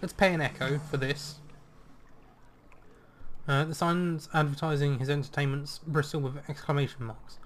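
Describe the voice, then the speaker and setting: A man's voice: a little high, fairly even intonation, normal speed, pauses often. A man playing a video game and commenting on it in a chatty way, reading in-game text aloud in a theatrical tone. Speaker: video game let's player.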